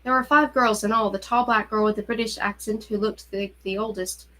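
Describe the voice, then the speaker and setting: A woman reading a novel aloud in a steady, even narrating voice. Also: mid-range voice, brisk, low-quality recording. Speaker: reader. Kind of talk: audiobook-style novel reading.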